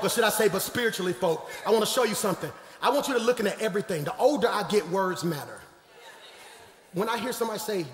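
High, bright-voiced preacher in an echoing hall. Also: male voice. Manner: emphatic, swings from low asides to shouted preaching; playful, jokes with the congregation. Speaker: pastor. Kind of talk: live sermon to a congregation. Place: large church sanctuary. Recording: echoey hall with long reverb.

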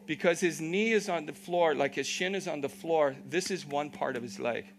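A man's voice: fairly high pitch, moderate pace, gravelly. Upbeat man teaching a yoga class. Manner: encouraging cues, checks in with "okay?"; playful, jokey asides. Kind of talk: live yoga class instruction. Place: large yoga class at a live event.

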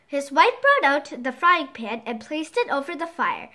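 Expressive woman storyteller, high and animated, reading a bedtime story. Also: moderate pace.

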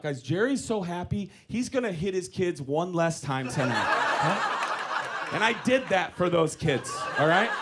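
A man's voice: high-pitched, noisy background. A male stand-up comedian telling a story animatedly, addressing the crowd, live on a comedy club stage.

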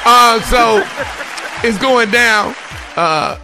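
A man hosting a casual radio interview, hyping up his guest with animated, slangy banter. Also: extremely high pitch, very slow, over music, crowd noise. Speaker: host.

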